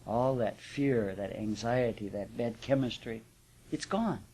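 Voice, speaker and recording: A man's voice: medium pitch, a little slow, dark tone, a little hiss or hum. A man giving a live spiritual class talk to an audience, speaking conversationally with rhetorical check-ins and chuckles. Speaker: spiritual teacher.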